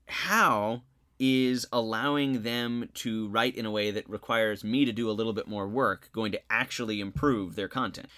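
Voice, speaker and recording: A man's voice: lowish voice, fairly even intonation, normal speed, fairly bright tone. A man who teaches social studies, with a slight Southeast Missouri twang, talking casually about teaching and telling classroom stories. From grew up all over as a military child. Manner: conversational, storytelling with asides.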